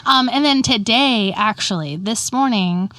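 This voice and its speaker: A woman in her forties, a mother of a teenager co-hosting a podcast, telling family stories in a relaxed chatty way with "um" and "like". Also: on the high side, a little slow, no room sound. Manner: relaxed, warm-hearted storytelling with "um" and "like". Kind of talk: casual chat.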